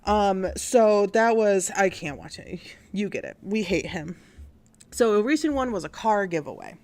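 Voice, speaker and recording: Hosting a casual news and commentary stream, this woman has a medium-pitched, sing-song voice that's a little mellow, and she keeps a measured pace. Her talk is blunt, exasperated and rambling, packed with fillers.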